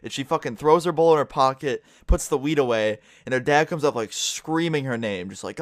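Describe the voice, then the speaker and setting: A man's voice: medium pitch, a little fast, hardly any pauses, dry recording, clean studio sound. A young man vlogging and streaming, telling a story in a casual way and swearing constantly. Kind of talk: storytime vlog.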